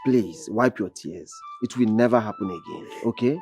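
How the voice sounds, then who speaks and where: An actor playing a young prince gently pleading with a crying woman, with a Nigerian accent. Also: on the low side, normal speed, soft background music, natural voice.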